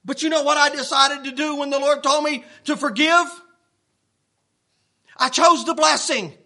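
High, bright-voiced folksy preacher man. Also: normal speed. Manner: folksy, animated, getting worked up. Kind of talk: sermon storytelling.

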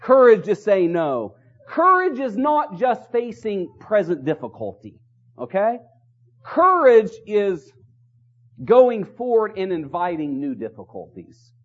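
Delivered slowly with huge pitch swings, a man's high-sitting voice carries an earnest, exhorting chapel sermon. He repeats himself and poses rhetorical questions to drive points home, heard through a dull lo-fi recording.

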